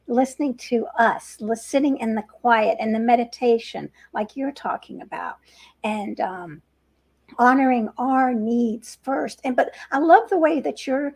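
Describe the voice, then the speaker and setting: A woman hosting an interview, talking in an affirming, encouraging way with gentle laughs. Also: on the high side, vocal fry, breathy edge. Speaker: podcast host. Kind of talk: conversational interview.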